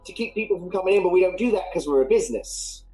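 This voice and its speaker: A woman's voice: lowish voice, animated, fast talker, dark tone, reverberant, soft background music, voice pushed up, close to an everyday voice, rough recording. A man voicing a brash, tattooed, one-eyed halfling barmaid with a Cockney accent, chirpy and sing-song.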